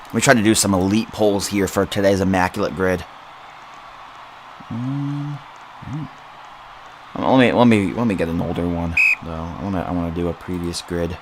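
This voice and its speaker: A young man hosting a casual livestream into a boom-arm mic. He giggles often, rambles, repeats words and mocks himself. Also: steady tone, quick pace, noisy background. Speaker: livestream host.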